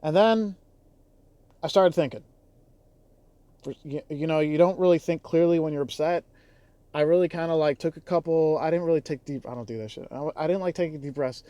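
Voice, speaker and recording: A man's voice: on the high side, fairly quick, long pauses, mellow, no room sound. A man who drives for a rideshare app, talking in a casual vlog with a heated, exasperated, profane delivery. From Chicago area.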